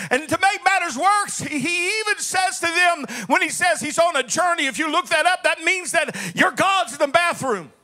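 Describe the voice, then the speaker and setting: A man preaching a sermon in a very high, bright voice. He is dramatic and folksy, rising to shouts, then dropping low and quiet as he tells the story and calls out to the congregation. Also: moderate pace, hardly any pauses. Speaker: pastor.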